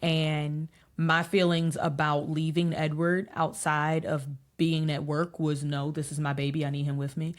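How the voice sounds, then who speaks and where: A woman in her thirties, a podcast guest telling family stories in a casual, animated way and laughing often. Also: sits low, measured pace, few pauses. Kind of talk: casual interview chat.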